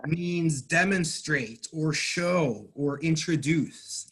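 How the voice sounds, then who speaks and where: A man teaching an English class, explaining words patiently and clearly and praising his students. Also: on the high side, takes it slowly, fairly bright tone. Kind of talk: online class recap.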